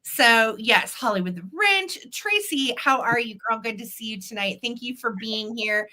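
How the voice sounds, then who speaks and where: A woman's voice: fairly high pitch, lively intonation, normal speed, sharp tone. A middle-aged woman hosting a live vintage sale stream, bubbly and chatty, greeting viewers by name.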